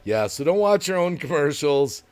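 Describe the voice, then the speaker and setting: A man's voice: a little high, big pitch swings, normal speed, darkish tone, clean tone. A man hosting a casual livestream, reading viewer comments aloud, chatting and laughing often. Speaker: livestream host.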